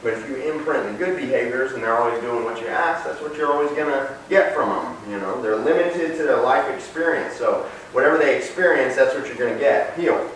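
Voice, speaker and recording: A man's voice: medium pitch, a little fast, few pauses. A man working as a dog trainer, explaining his methods and calling short commands between his explanations. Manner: calls short commands loudly and sharply, explains in relaxed asides. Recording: very echoey, distant from the mic, faint noise.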